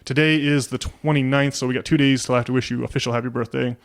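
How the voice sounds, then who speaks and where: A man co-hosting a casual podcast chat, his voice sitting at an ordinary middle pitch. He rambles through his points with frequent restarts and fillers. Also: steady tone, quick pace. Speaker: podcast co-host.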